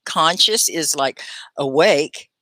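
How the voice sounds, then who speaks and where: A woman hosting a live online English lesson, chatty and animated, laughing often and slowing down to stress key words. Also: deep voice, dry recording. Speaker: ESL teacher and livestream host.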